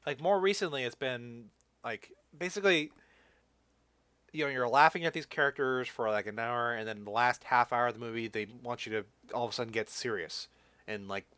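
A man's voice: mid-range voice, fairly quick, bright, forceful tone, no room sound. A young man chatting casually about movies as a podcast co-host, rambling with lots of fillers and restarts.

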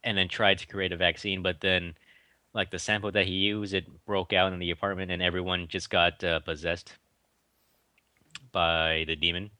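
A man's voice: low-pitched, flat delivery, moderate pace, bright, forceful tone, dry recording. A young man co-hosting a casual podcast, retelling movie trivia in a rambling way with lots of fillers. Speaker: podcast co-host. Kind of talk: casual chat.

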